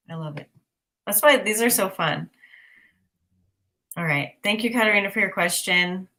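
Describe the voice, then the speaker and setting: A woman's voice: fairly low pitch, bright, forceful tone. A woman giving intuitive art readings on a livestream, upbeat and chatty, asking lots of rhetorical questions. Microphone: livestream mic.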